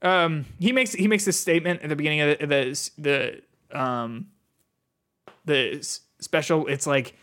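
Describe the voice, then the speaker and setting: A man's voice: on the high side, a little slow, fairly bright tone, clear, resonant tone. A man co-hosting a casual gaming podcast, chatting with frequent ums and restarts. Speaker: podcast co-host. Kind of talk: casual chat.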